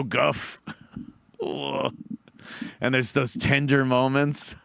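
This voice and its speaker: A man hosts a talk show and rants about a trailer with a slow, forceful delivery. He is profane and mocking and breaks into laughter often. His voice is a little high and sits dry and close. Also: level tone, gravelly, clear, resonant tone, dry recording. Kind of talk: comedic rant reviewing a trailer.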